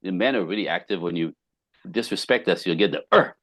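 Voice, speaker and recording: A middle-aged man with a deep voice speaks quickly in a dry recording, appearing as a guest in an animated, conversational podcast interview. He tells relationship stories emphatically, acting out the dialogue and laughing often.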